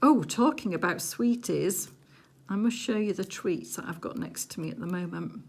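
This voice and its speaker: A woman chatting casually while she does a craft project at home, rambling along with little hushed asides. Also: on the low side, normal speed, gravelly. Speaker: crafting vlogger. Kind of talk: casual chat while diamond painting.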